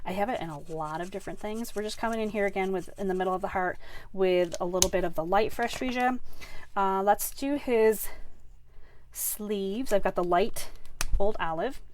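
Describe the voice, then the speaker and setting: Chatty lady walking through a craft demo, rambly, lots of ums and restarts, mid-pitched voice. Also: normal speed, a little mellow, slight background noise. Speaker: card-making instructor. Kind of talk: casual craft tutorial.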